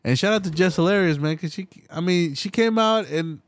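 Profane animated young man ranting. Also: sits high, brisk, dry recording, clean studio sound. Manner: profane, animated, slangy, laughs often. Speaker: podcast host. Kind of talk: casual solo podcast rant.

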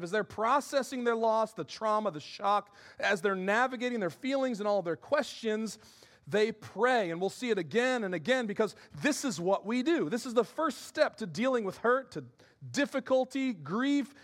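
A man preaching a sermon with passion, repeating words and dropping into soft asides. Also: high voice. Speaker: pastor.

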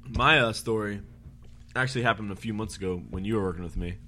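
Low bright-voiced man swapping bar stories. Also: quick pace, slight background noise. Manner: loose, profane storyteller who quotes people. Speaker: podcast co-host, bartender. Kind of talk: casual storytelling chat.

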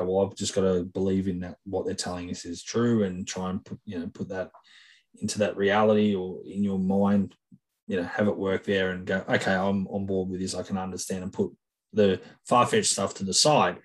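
A man's voice: low voice, level tone, normal speed, poor audio. A man co-hosting a casual podcast about a film, thoughtful and hedging, often repeating himself as he works out a point.

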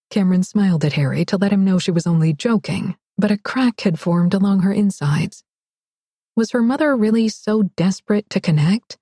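A woman narrating a romance audiobook in a wry, expressive read. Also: mid-range voice, no room sound, studio quality. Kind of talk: scripted narration.

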